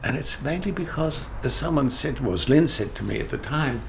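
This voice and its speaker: A man's voice: medium pitch, lively intonation, moderate pace, creaky, slight background noise. An older man, a theatre director telling emphatic anecdotes in an interview, often restarting his sentences. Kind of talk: interview conversation.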